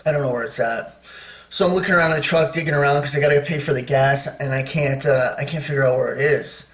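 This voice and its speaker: A man's voice: fairly high pitch, quick pace, a bit bright. A man telling a personal story in a rambling, casual way, with lots of fillers, acting out what he said at the time. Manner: rambling, lots of fillers, acts out his own quotes. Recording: roomy and distant from the mic.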